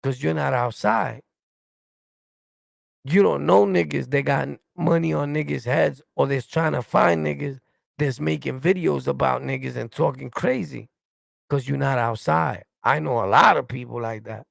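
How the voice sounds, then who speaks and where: A streamer born in New York City, middle-aged and gravelly-voiced, fires back at his livestream chat in a heated rant, reacting and answering as he goes. His pitch is medium and his pace moderate, with no room sound. Between blunt, confrontational, profane remarks delivered in a New York accent, he keeps asking "you get it?"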